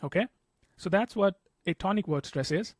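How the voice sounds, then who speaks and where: A man's voice: high-pitched, dry recording. Patient man tutoring with a dry, close sound. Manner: patient, repeats example sentences slowly, frequent "okay". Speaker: test prep tutor. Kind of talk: explanatory tutorial.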